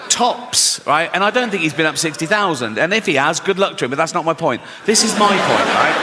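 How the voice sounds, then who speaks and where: A man's voice: high-pitched, pushed and bright. A man performing stand-up comedy in a chatty, storytelling way, often checking in with the audience and acting out what people said. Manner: conversational, keeps asking "right?", acts out quotes. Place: large live venue with audience. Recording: live hall reverb, faint room noise.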